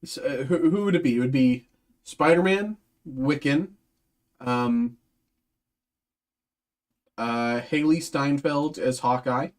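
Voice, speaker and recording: Slow, hesitant man chatting casually. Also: medium pitch. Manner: hesitant, full of ums and restarts; speculative, thinking aloud. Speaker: card break host. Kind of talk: casual livestream chat.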